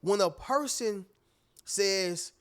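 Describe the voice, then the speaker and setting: A man's voice: sits high, very slow. A man giving a motivational talk, preachy and repetitive, often addressing listeners as family. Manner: preachy, repeats phrases, calls listeners "y'all" and "family". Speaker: motivational speaker. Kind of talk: motivational monologue.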